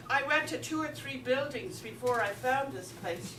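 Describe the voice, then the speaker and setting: A woman's voice: high voice, animated, moderate pace. A woman from Ireland with an Irish accent, telling jokes at a live event with chatty asides to the audience. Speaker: comedian. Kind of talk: live stand-up joke telling. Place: live event in a veterans home hall. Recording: roomy hall from far off.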